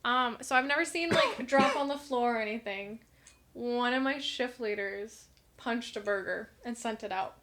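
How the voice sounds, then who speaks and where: A young woman with a bright, sharp voice, talking casually as a podcast co-host. She tells stories in a lively, chatty way and acts out what people said. Her pitch sits somewhat high. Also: normal speed, slight background noise. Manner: chatty storyteller, acts out quotes. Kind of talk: casual chat.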